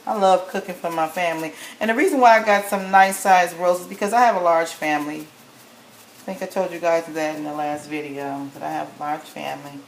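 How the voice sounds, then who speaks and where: A woman's voice: fairly low pitch, steady tone, brisk. Chatty woman cooking in an echoey kitchen. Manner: chatty, folksy, ends lines with "okay?". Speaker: home cook showing a recipe. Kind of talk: casual cooking demonstration. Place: home kitchen. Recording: echoey kitchen with faint noise.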